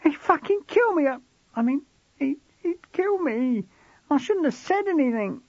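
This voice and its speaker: A man's voice: very high-pitched, animated, measured pace, no room sound, dull audio, pitched above the performer's own voice, heavily acted. A man voicing a frightened, sullen teenage schoolboy who whines and stammers. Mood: panicky. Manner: whiny, panicky, stammering.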